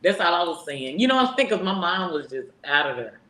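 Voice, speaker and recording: Woman, lively swooping pitch, slangy storyteller, echoey room. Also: quick pace, a little hiss or hum. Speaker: co-host. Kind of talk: casual chat.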